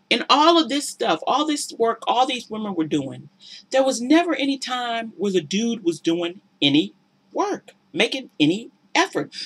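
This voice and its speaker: A woman's voice: fairly high pitch, fairly bright tone, breathy edge. A woman giving casual, sassy and preachy commentary on a reality show, exasperated with the people in it. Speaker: relationship commentator.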